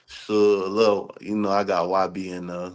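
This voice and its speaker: A man's voice: low-pitched, flat delivery, normal speed. A young man, a college football player, answering interview questions in a loose, earnest, conversational way. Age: young adult.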